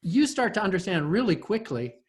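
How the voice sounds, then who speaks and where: A man hosting a casual interview, talking in a halting way with many fillers and restarts. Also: high voice, big pitch swings. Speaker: host.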